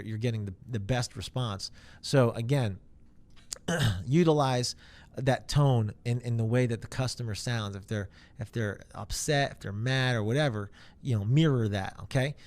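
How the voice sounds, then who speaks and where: A male sales trainer coaching his audience in a loose, conversational way. He rambles, circles back, and leans on fillers as he talks. His voice sits at an ordinary middle pitch. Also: moderate pace, a little mellow. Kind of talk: informal training talk.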